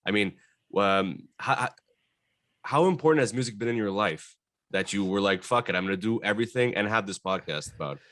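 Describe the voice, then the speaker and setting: A man's voice: lowish voice, animated, fairly quick, fairly bright tone, dry recording. A man hosting a podcast, asking questions in an easygoing way with casual swearing. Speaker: podcast host. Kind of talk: casual interview chat.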